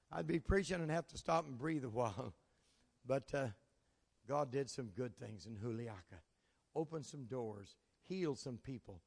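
A man's voice: medium pitch, creaky. A man preaching a sermon, telling folksy stories from his ministry with chuckles. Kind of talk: sermon storytelling. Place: church sanctuary. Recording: long reverb of a large hall.

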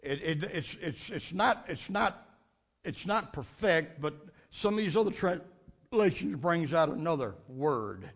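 Fervent preacher man, slightly high voice. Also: lively intonation, a little slow. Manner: fervent, emphatic, repeats and restarts phrases. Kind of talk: Sunday night sermon.

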